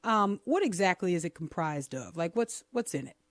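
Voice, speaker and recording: A woman's voice: lowish voice, moderate pace, dry recording. A woman co-hosting a radio talk show in casual, playful chat, joking at her own expense. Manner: playful, self-mocking, animated.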